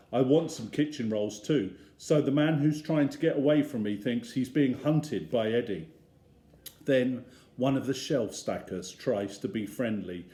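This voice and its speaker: A man, a teacher, reading a children's story aloud in an expressive storytelling manner. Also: medium pitch. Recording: roomy echo.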